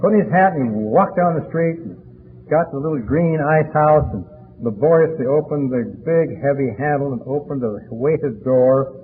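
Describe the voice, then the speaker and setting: A man's voice: a little high, a little hiss or hum. Old man telling his story, tinny tape. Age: 80s. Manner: storytelling, chatty and deliberate with frequent fillers. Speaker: speaker sharing his story. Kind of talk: recovery meeting talk.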